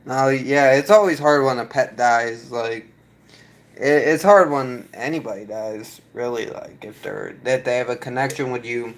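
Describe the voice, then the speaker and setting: A man's voice: medium pitch, poor audio. A man talking casually to his viewers in a mid-range voice, reading their comments as he goes. He rambles a bit, restarting sentences and filling gaps. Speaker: video creator reading chat. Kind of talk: casual live chat.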